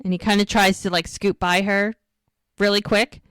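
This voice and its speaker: Woman, podcast co-host, chatty recap, quotes characters, medium pitch, dry close sound. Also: clear, resonant tone, dry recording. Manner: chatty, quotes characters in quick lively bursts. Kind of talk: casual chat, retelling TV scenes.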